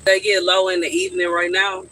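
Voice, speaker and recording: A man's voice: sits high, completely flat delivery, a little fast, pushed and bright, a little hiss or hum, low-quality recording. A man chatting casually on a live stream from his backyard garden, answering his viewers' questions.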